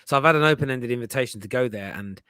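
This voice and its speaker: Bright, dry-voiced man telling stories. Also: medium pitch, fast talker, dry recording. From England. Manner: rambling anecdotes with restarts and slang. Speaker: co-host. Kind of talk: casual podcast chat.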